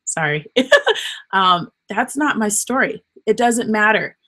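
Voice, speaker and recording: An earnest woman gives an unscripted motivational talk, rambling and encouraging. She sounds emotional and close to tears, and her voice sits at a middle pitch. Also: expressive, slow pace, sharp tone. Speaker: podcast host.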